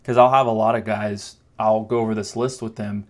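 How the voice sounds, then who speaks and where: A man's voice: lowish voice, level tone, darkish tone. A man coaching men on confidence, talking to the camera in a conversational way and acting out brief demonstrations. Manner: conversational, explains with quick demos and mock voices. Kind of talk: direct-to-camera coaching talk.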